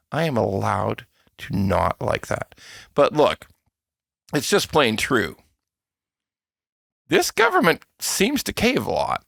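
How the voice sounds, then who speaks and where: A man's voice: medium pitch, vocal fry, dry recording, clean studio sound. A Canadian man hosting a podcast, ranting in a casual, mocking way about politics. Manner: animated, laughing, mocking quotes of politicians. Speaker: podcast host. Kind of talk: casual opinion rant.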